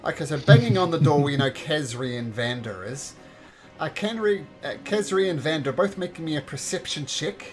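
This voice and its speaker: Brief: male game master, lively up-and-down delivery, halting narration, faint music behind. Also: a little high. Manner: halting, with many fillers and restarts.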